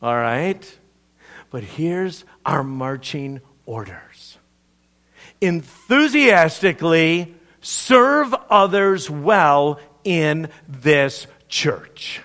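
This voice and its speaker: A male pastor preaching to his church in a lively, conversational way. His voice sits high and swings widely, rising and falling for emphasis. He takes his time, letting each phrase land slowly. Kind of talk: sermon. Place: church service.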